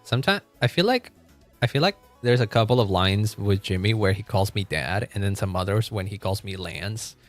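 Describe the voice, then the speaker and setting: A man's voice: fairly low pitch, expressive, soft background music. Giggly man chatting on a stream. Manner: laughs often, talks in quick restarts. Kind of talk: casual stream chat.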